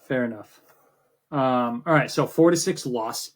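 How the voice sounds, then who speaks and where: Husky dude yapping about baseball on a podcast, loose and rambly. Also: male voice, medium pitch, measured pace. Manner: rambling, animated storytelling with swearing. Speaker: podcast co-host. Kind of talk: casual sports chat.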